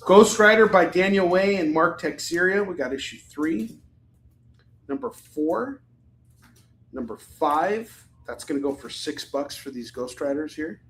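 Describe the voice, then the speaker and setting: A man's voice: a little high, lively intonation, a little slow, fairly bright tone, reverberant, a little hiss or hum, poor audio. A man hosting a live comic book sales stream, chatting casually in a rambling, jokey way.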